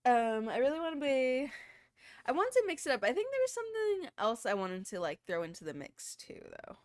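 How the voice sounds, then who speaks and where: Lively chatty woman streamer. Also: high voice, brisk, no room sound, studio quality. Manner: chatty, rambling, talks to viewers. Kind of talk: casual live-stream chat.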